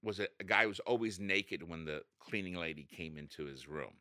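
A man, an actor, telling a story in a casual interview, jumping up in pitch as he acts out what people said. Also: a little fast, no room sound, studio quality. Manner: animated, acts out quotes with big pitch jumps.

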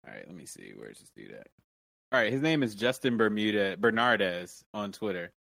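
Male streamer, low casual voice, dry close sound, easygoing. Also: a little fast, vocal fry, dry recording. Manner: relaxed, mutters while searching, drops volume. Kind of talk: casual livestream chat.

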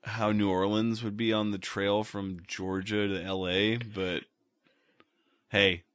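Male podcast co-host, young, wry and profane, bright tone with a dry close-mic sound. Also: fairly low pitch, flat delivery, slow pace, no echo. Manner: profane, laid-back, wry. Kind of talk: casual movie recap chat.

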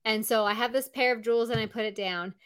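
A woman's voice: fairly high pitch, fairly even intonation, quick pace, fairly bright tone, clean tone. A woman hosting a live show on a video call, chatting casually and filling her talk with "like" and "um". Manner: chatty, full of "like" and "um". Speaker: podcast host.

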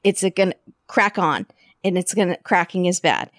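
A woman's voice: fairly low pitch, normal speed, no room sound, clean studio sound. A woman co-hosting a podcast, casually recapping a TV episode with jokes and laughter. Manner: chatty, jokey, laughs often. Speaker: podcast co-host.

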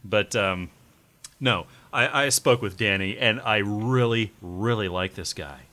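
A man's voice: fairly low pitch, measured pace, pushed and bright. A man hosting a podcast, talking in a rambling casual way with many fillers. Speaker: podcast host. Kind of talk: casual chat.

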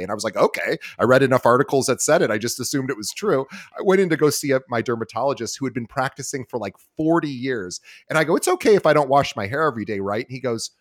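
A man hosting a casual interview, his voice sitting at an ordinary middle pitch. He tells stories with energy, acting out what people said and tripping over restarts. The sound is dry and close. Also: fast, few pauses, dry recording. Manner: animated storyteller who acts out quoted lines, stammers on restarts. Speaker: podcast host.

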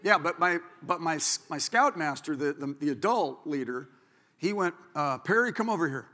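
Bright-voiced pastor preaching in a hall. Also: male voice, on the high side, moderate pace. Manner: animated storytelling, joking asides. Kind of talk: sermon. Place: church sanctuary. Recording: church hall reverb.

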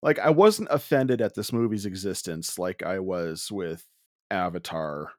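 Low-voiced man in halting movie chat. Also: animated, no echo, clean studio sound. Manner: halting, lots of restarts and fillers, candid. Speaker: podcast co-host. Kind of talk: casual movie review chat.

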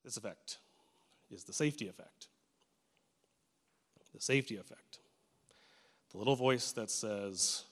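Joking pastor in an echoey church. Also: male voice, lowish voice, unhurried, long pauses. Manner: conversational, joking, emphatic. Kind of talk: sermon.

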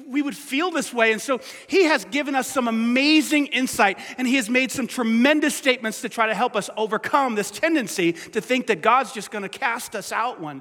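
A man preaching a sermon, swinging between hushed, drawn-out lines and loud, pleading passages. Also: very high-pitched. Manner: dynamic preaching, dropping to hushed lines and rising to loud pleas. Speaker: pastor. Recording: reverberant hall.

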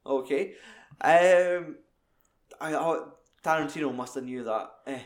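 A young Scottish man chatting casually about a film, swearing a lot and acting out lines in quick put-on voices. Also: a little high.

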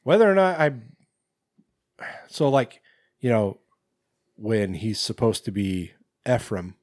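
A man's voice: fairly low pitch, sing-song, takes it slowly, darkish tone, no room sound, clean studio sound. A man co-hosting a casual podcast chat, rambling with many fillers and restarts. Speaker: podcast co-host.

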